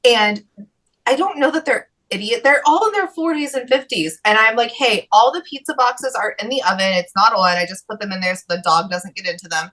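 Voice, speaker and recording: A woman co-hosting a casual chat, telling an animated story with swearing. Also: a little high, fairly quick, low-quality recording. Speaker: podcast co-host.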